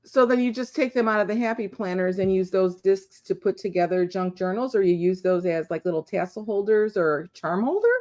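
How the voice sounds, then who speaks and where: A woman's voice: mid-range voice, fairly quick, few pauses, darkish tone. A woman co-hosting a casual crafting livestream over a video call. She is curious and asks a lot of questions. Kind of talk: casual chat.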